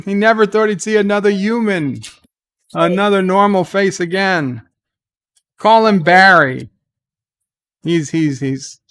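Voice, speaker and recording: A man's voice: high-pitched, a bit bright, clean tone. A man hosting a live reaction stream, retelling the scenes in a casual, rambling way with restarts and fillers.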